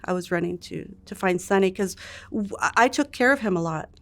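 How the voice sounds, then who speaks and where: A woman recounting her childhood in an interview, soft-spoken and halting, often restarting her sentences. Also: mid-range voice. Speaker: interview guest.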